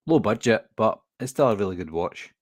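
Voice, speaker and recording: A man's voice: medium pitch, darkish tone, breathy edge, dry recording, clean studio sound. A man from Scotland with a toned-down Glasgow accent, chatting casually on a live stream as he reads out viewer questions and answers them. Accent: Glaswegian Scottish, toned down. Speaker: horror movie channel host.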